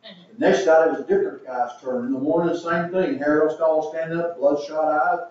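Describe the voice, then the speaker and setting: A man's voice: a little high, fairly even intonation, brisk, a little mellow. A man preaching a sermon as pastor, telling jokes with the congregation laughing, then reading scripture aloud. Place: church sanctuary. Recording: echoey church room, distant mic, dull sound.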